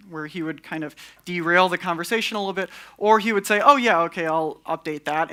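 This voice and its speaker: Man, young adult, conference talk, bright tone, wry, sarcastic asides, on stage. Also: high-pitched, clean tone. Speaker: conference speaker.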